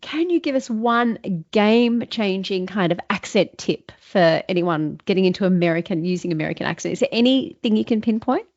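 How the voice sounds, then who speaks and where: A woman hosting a podcast interview, enthusiastic and quick with gushing praise. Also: mid-range voice, lively intonation, darkish tone. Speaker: podcast host. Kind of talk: casual interview chat. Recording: dull lo-fi sound.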